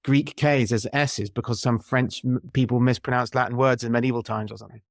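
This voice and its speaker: A British man talking as a podcast guest in a lively, opinionated way, with many restarts. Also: mid-range voice, a little fast, creaky, no room sound, studio quality. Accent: British English. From Britain. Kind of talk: casual interview chat.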